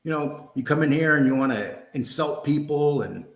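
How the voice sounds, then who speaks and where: A man's voice: on the high side, moderate pace, vocal fry. An older man hosting a livestream, ranting angrily in a profane, combative, mocking way. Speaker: host. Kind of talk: angry livestream rant. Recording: roomy echo.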